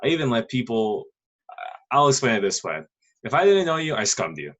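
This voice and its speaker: Male co-host, animated storyteller, mid-pitched, casual and loose. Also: fairly quick. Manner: animated, swings voice acting out people. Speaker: podcast co-host.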